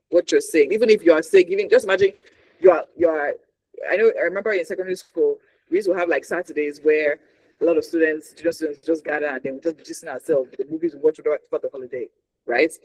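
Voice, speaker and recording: A man's voice: on the high side, dry recording, rough recording. A man with a Nigerian accent teaching a communication workshop, emphatic and checking in with the audience often. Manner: emphatic, checks in with frequent "right?". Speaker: communication trainer.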